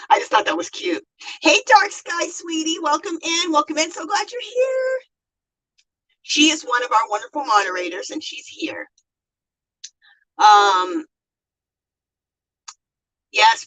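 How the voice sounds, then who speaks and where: A woman's voice: a little high, expressive, unhurried, long pauses, fairly bright tone, far from the mic, poor audio. A middle-aged American woman hosting a casual livestream, chatting and laughing as she reads viewer comments aloud. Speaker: livestream host.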